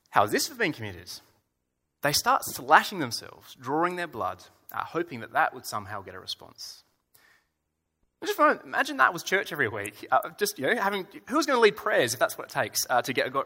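A man's voice: a little high, pushed and bright. A male preacher giving a conversational, wry sermon in a church hall, full of rhetorical questions and fillers. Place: church hall with about a hundred people.

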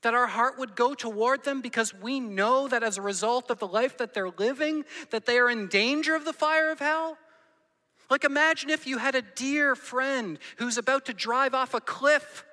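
A man's voice: very high voice, moderate pace, pushed and bright, big-room sound. A man preaching a sermon to his congregation, earnest and full of questions put to the room. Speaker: pastor. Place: church hall.

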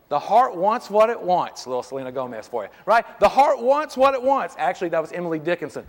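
Middle-aged male pastor, high voice, lively and jokey sermon delivery, long church-hall reverb. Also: quick pace, hardly any pauses. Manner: lively, conversational, joking, peppered with "man". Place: church sanctuary.

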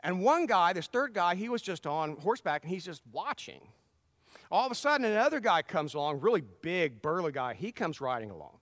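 A man's voice: high voice, very animated, a little fast, fairly bright tone, dry recording, clean studio sound, long reverb tail. A man preaching a sermon in a folksy, conversational way, telling stories with frequent restarts. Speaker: pastor.

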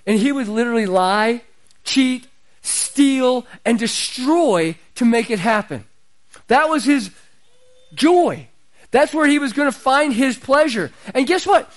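A middle-aged man preaching a sermon in a conversational way, his voice climbing higher and louder as he builds up. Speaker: pastor.

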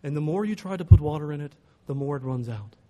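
A man doing an elderly Dutch professor with a big, slow voice. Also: on the high side, expressive, warm tone, big-room sound, natural voice. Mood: lecturing. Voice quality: big, slow, unusual after a voice box problem. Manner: teasing, withholding answers.

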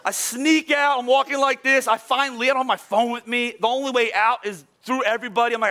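Bright-voiced animated male pastor. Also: extremely high pitch, fairly quick, hardly any pauses. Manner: animated, self-deprecating storytelling. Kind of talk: sermon with storytelling. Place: church auditorium.

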